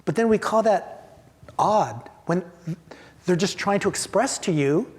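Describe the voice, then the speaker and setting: A man's voice: sits high, animated, a little slow, a little mellow. A man leading a training for theater staff, talking emphatically with rhetorical questions and acted-out reactions. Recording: long hall reverb.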